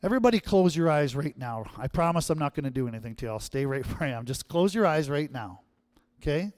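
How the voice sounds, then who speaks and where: A man's voice: fairly high pitch, lively intonation, fast, darkish tone, dry recording, studio quality. A male pastor giving a sermon in a conversational way, often checking in with the audience. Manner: conversational, keeps asking the audience "right?".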